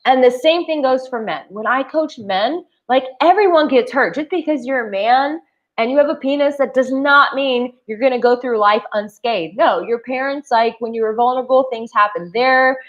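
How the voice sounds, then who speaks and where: A high-pitched woman speaking at normal speed on a lo-fi recording offers talking-head dating advice to camera from Bali. As a coach, she is chatty and emphatic, leaning heavily on "like" as filler.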